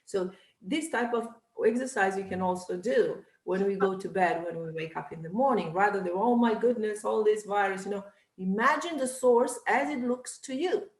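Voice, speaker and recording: A woman therapist who is not a native English speaker, earnestly explaining her ideas on a video call and halting on repeated words. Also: mid-range voice. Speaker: therapist guest. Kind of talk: casual chat. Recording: echoey room.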